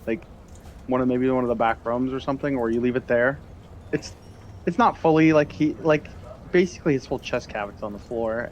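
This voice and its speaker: A man running an online tabletop game as game master, narrating in a halting way with lots of fillers and laughs. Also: medium pitch, highs cut off, a little hiss or hum.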